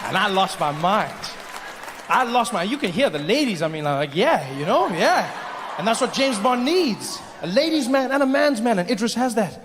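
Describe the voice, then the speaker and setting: A male stand-up comedian telling an animated, playful story to a live audience on a large theater stage. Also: high-pitched, moderate pace, big-room sound, noisy background. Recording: live theater, crowd laughter.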